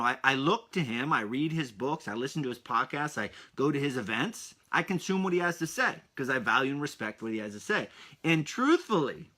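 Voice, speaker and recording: Here the kids' podcast host, a man in his thirties, speaks in a fairly high, bright voice with a forceful tone. He's upbeat and enthusiastic, addressing the young listeners head-on.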